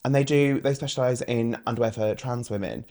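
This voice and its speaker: A British man talking as a guest in a casual interview, chatty and animated, laughing often and slipping into other people's voices. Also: medium pitch, brisk. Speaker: guest drag performer.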